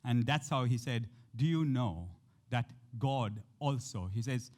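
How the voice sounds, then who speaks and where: A man's voice: mid-range voice, unhurried, a little mellow. A man preaching a sermon, talking straight to his listeners with frequent questions and acting out the quotes in shifting voices. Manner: speaks to the congregation directly, with frequent questions. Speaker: pastor.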